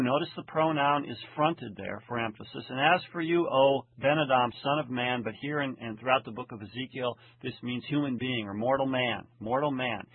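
A man teaching a lecture, translating a text verse by verse in a deliberate, methodical way and slowing down to read the original lines. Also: slightly rough, no echo. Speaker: Hebrew Bible teacher. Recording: tinny phone-like low-fidelity audio.

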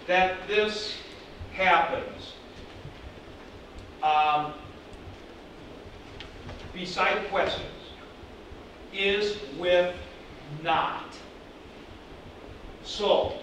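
A high-voiced man lectures a class at an unhurried pace, acting out example sentences as he goes. He is picked up from a distance in a very echoey room, with faint ambient noise underneath. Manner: animated, acts out example sentences. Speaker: teacher.

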